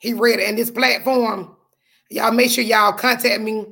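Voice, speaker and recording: Woman host, husky and hoarse voice, fervent preacher-like delivery to listeners. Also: fairly high pitch, steady tone, normal speed, a bit bright. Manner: fervent, repetitive, preacher-like cadence. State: voice going hoarse. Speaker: podcast host. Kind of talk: spirited faith talk to listeners.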